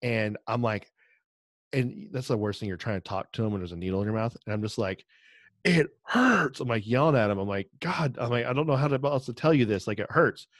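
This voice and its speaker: Joking low-voiced man in casual banter. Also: fast talker, no room sound, studio quality. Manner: joking banter, chimes in with quips. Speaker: podcast co-host. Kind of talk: casual chat. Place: on a video call.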